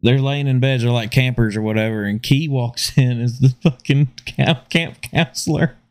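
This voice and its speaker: A man's voice: medium pitch, moderate pace. A man telling a story and joking among friends on a casual podcast, swearing freely and laughing often. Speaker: podcast host. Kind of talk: casual chat. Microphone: podcast microphone.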